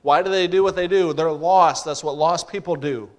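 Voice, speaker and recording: Male preacher, slightly high voice, emphatic sermon delivery with repeated phrases. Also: normal speed.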